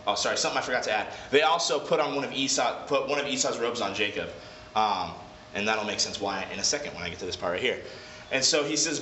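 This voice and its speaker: A man's voice: medium pitch, expressive, fast, sharp tone, slight background noise. Chatty man teaching a Bible lesson. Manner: chatty, digressive, self-correcting. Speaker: Bible study leader. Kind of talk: casual Bible lesson retelling. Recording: echoey room, slightly dull.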